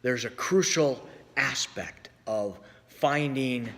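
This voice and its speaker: A man preaching a sermon as pastor, telling stories with voiced quotes and slow pauses. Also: mid-range voice, creaky, fairly bright tone. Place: church sanctuary. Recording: long church reverb.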